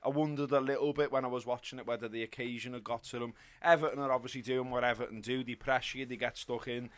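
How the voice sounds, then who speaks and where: A man's voice: medium pitch, steady tone, fast. A man giving a chatty, sweary reaction in a post-match football chat. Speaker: podcast panelist.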